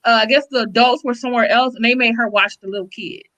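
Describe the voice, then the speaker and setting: A woman co-hosting a live-stream chat, an animated storyteller who acts out the voices of the people she quotes. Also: a little high, fast, few pauses, low-quality recording. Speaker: co-host, online teacher.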